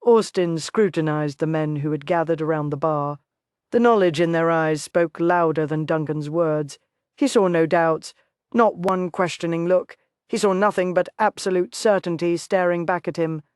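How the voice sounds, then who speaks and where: An audiobook narrator reading a Western romance in steady, even storytelling. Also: medium pitch, normal speed, clear, resonant tone, no echo, clean studio sound.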